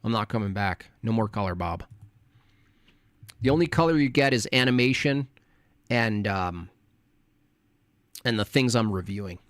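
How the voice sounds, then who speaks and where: A man's voice: fairly low pitch, lively intonation, normal speed, pauses often, dry recording. Man, streamer, sarcastic, combative, mocking his chat, dry close mic. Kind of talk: casual live-stream chat.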